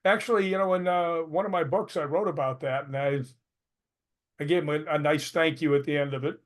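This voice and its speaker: An older man with a voice that sits a little high for a man talks as a guest in a relaxed interview. He is an animated storyteller who laughs easily and acts out what everyone said. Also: a little fast. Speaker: interview guest, retired stuntman.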